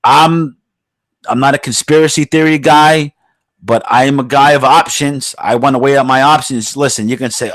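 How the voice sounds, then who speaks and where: A man's voice: mid-range voice, steady tone, moderate pace, a bit bright, no echo. A blue-collar New man riffs on a podcast, cursing freely and joking through his rants. His mid-range voice sits dry and close on the mic, with no room sound at all. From New York. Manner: profane, rambling, joking, blue-collar bluster. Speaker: podcast host. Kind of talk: casual podcast chat.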